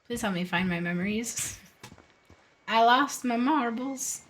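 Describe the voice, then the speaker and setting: A woman's voice: medium pitch, animated, moderate pace, a bit bright. A woman streaming a game live, chatty and joking as she talks to her chat. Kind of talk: casual live game commentary.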